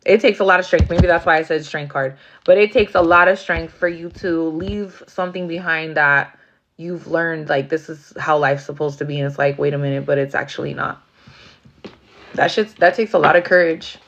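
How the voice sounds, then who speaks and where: A woman reads tarot in a loose, casual way, with blunt, profane talk. Her voice sits low for a woman. The sound is muffled and lo-fi. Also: fairly even intonation, moderate pace, fairly bright tone. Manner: profane, blunt, acts out rowdy asides. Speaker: tarot reader. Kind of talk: casual livestream tarot reading.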